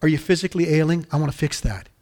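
A man voicing a tender, loving divine father in a sermon, speaking softly and coaxingly. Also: fairly high pitch, rapid-fire. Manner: soft, hushed, coaxing.

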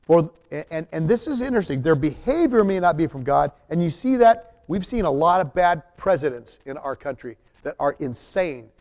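A man's voice: on the high side, big pitch swings, normal speed, hardly any pauses, a little mellow. Emphatic man preaching a sermon. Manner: reads scripture aloud, then explains it in plain talk. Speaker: pastor.

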